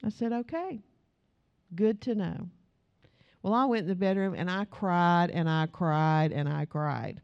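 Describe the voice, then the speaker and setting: A woman's voice: fairly low pitch, muffled recording. A middle-aged woman preaching a sermon in a conversational way, asking the audience questions.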